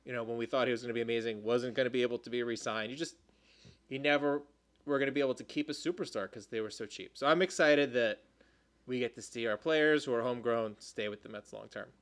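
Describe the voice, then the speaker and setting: A man co-hosting a casual sports podcast, talking in an animated, exasperated way with quick asides. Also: medium pitch. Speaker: podcast co-host.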